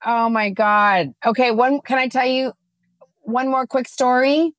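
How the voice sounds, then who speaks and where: A woman co-hosting a podcast, chatting casually and telling a lively story, acting out her own quotes. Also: high-pitched, unhurried, dry recording. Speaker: podcast co-host.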